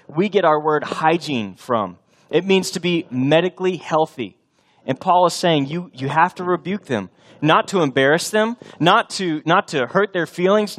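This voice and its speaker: A male pastor with a fairly high voice preaches a sermon emphatically and animatedly. He slips into acted-out voices for imagined scenes.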